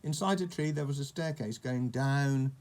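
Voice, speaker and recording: A man's voice: mid-range voice, normal speed, darkish tone. A man reading a children's storybook aloud, with chatty asides to a young listener about the pictures.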